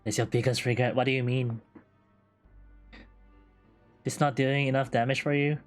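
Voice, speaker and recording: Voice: mid-range voice, steady tone, moderate pace, faint music behind. A VTuber streamer chatting casually with dramatic, whiny complaining. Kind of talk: casual live-stream chat.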